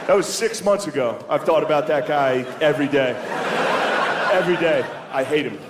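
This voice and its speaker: A man's voice: fairly high pitch, a little fast. A man doing a stand-up comedy set, talking casually and profanely and calling everyone "dude.". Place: comedy club stage. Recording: live club recording, loud crowd noise. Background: loud audience laughter.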